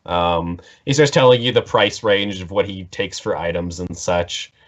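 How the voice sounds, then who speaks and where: A man's voice: low voice, moderate pace, fairly bright tone. A man narrating as game master for a tabletop game, rambling and piling up "like" and restarts as he sets the scene. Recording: dull lo-fi recording.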